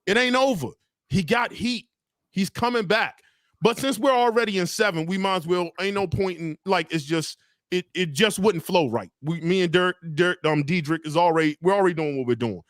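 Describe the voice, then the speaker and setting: Brief: male stream host, high-pitched and dry, casual and straight-talking. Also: normal speed, dry recording. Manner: direct, laid-back, repeats "brother" and "man". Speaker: show host. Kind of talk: casual livestream chat.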